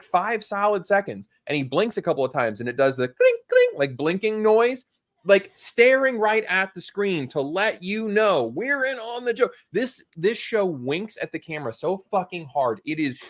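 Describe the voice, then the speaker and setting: A man on a livestream panel, wry and incredulous, swearing freely in casual chat. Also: a little high.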